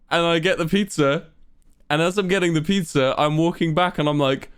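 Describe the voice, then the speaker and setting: A man's voice: fairly high pitch, brisk, smooth. A young man, a streamer and musician, telling a long rambling story on a livestream and swearing often.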